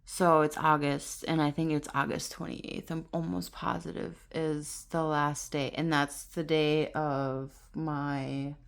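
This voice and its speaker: A woman filming a casual vlog on her phone at home, excitable and gushing, laughing often as she talks. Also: low-pitched, slow, vocal fry, few pauses. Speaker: vlogger. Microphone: phone camera on tripod.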